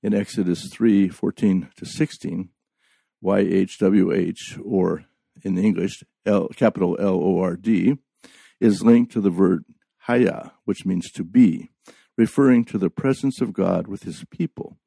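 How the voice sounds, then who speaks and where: A man delivering a sermon in a slow, deliberate way, stressing key words. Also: deep voice, mellow, no echo. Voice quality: gravelly. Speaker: preacher.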